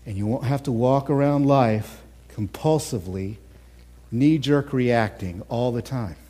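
A man preaching a sermon as a pastor, animated, swinging between loud mocking impressions and quiet earnest asides. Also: mid-range voice, a little slow.

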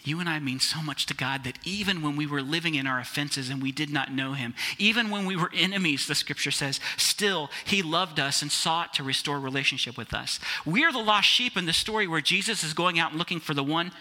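Bright-voiced male pastor preaching. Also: fairly high pitch, a little fast, few pauses. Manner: conversational, addresses listeners as guys. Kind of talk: sermon.

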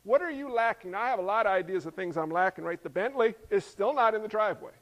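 A man preaching a sermon as pastor, lively and joking, peppering the congregation with rhetorical questions. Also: sits high, quick pace. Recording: long hall reverb.

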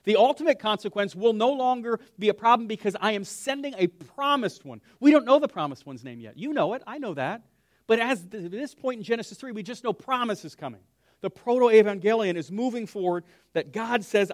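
A man's voice: high voice, moderate pace, no echo, clean studio sound. A man, a pastor, teaching a conversational Bible lesson, asking his listeners questions and dropping to a whisper for emphasis. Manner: lively, asks the room questions, drops to a whisper for emphasis.

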